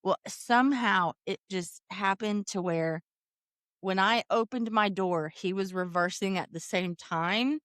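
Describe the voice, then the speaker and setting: A woman's voice: medium pitch, unhurried, fairly bright tone, dry recording, studio quality. A young adult woman, co-hosting a podcast in casual chat, laughing often. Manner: laughs a lot, reacts with short interjections. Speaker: podcast co-host.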